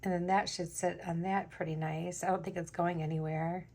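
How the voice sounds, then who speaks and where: Gravelly-voiced woman chatting while crafting. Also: on the low side, little pitch movement, normal speed, a little mellow. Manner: chatty, thinks aloud, many fillers. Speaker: jewelry-making vlogger. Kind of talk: casual crafting chat.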